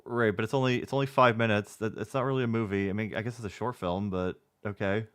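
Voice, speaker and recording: A man reacting to a music video in casual commentary. He is sarcastic and swears, and his voice is strained from clearing his throat. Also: fairly low pitch, steady tone, quick pace, fairly bright tone. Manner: sarcastic, swears, mutters asides. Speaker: reaction streamer.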